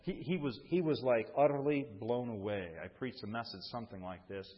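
A man preaches a sermon from a church pulpit in a husky voice, often restarting his phrases and calling out to the congregation for a response. The sound is dull and muffled, with a long reverb trailing off through the sanctuary. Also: medium pitch, fairly quick. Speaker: pastor.

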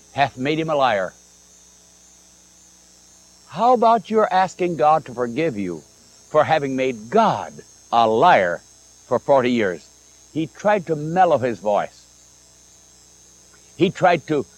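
Animated preacher man with lively pitch. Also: rough recording. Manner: animated storytelling, acts out quoted dialogue. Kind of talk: old-time sermon with told stories.

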